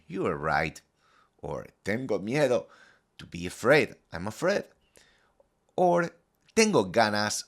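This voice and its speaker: Male language teacher, lower voice, very lively intonation, clear deliberate phrasing for listen-and-repeat. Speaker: Spanish teacher. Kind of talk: scripted language lesson.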